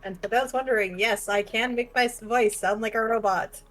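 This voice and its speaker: Woman, fairly high voice, casual tabletop player, chatty, laughs a lot. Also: fairly even intonation, moderate pace, a bit bright, low-quality recording. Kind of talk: casual tabletop game chat.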